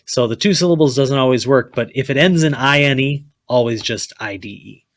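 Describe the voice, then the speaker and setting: A man's voice: mid-range voice, fairly quick. A man teaching a chemistry lesson, blunt and repetitive, often checking with "okay?" and telling students to write things down. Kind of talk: classroom lecture.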